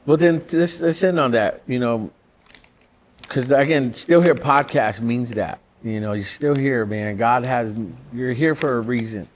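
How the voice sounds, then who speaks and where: A man's voice: mid-range voice, a little slow, a little hiss or hum. A man hosting a podcast, nodding along with short replies and asking reflective questions. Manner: brief affirmations, reflective questions. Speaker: podcast host. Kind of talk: interview.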